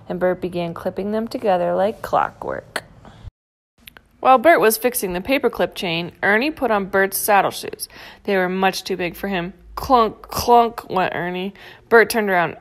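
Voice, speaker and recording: A woman reads a children's picture book aloud at a mid pitch. Her storytelling is gentle and clear, paced for young listeners. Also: normal speed. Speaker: storybook reader.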